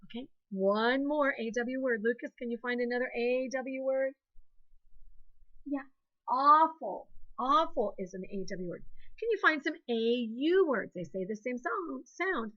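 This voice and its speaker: Her voice is high, animated and a bit bright, moving at a measured pace, though the recording's highs are cut off. An Ohio woman with a matching accent, she leads second graders through a call-and-response phonics lesson, sounding patient, encouraging and sing-song.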